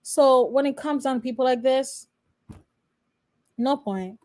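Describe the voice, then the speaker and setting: A woman's voice: high voice, unhurried, a little mellow. Chatty young woman streamer. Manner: chatty, talks straight to her chat. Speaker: law student live streamer. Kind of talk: live reaction stream commentary.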